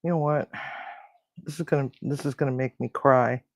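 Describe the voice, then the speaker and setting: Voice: mid-range voice, fairly even intonation, normal speed, no room sound. A host chatting casually on a live cooking stream, talking to viewers and grumbling to themself while cooking in a home kitchen.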